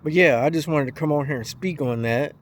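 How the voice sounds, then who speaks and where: A man's voice: fairly high pitch, fairly quick, a little hiss or hum. Indignant man telling a complaint. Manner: indignant storytelling, acts out both sides of a phone call. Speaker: vlogger. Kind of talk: casual opinion monologue.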